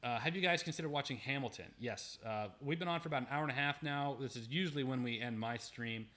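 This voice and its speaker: A man's voice: medium pitch, fast talker, pushed and bright. A young man hosting a casual livestream, gratefully reading viewer messages aloud with frequent restarts. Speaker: livestream host.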